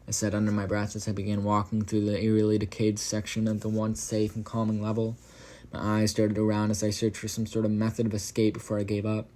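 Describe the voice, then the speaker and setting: A man with a fairly low, flat voice reads a first-person horror story aloud. He often stumbles and restarts a phrase, then drops into loose, profane asides to the listener in the same level tone. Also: fairly quick. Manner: stumbles and corrects himself while reading.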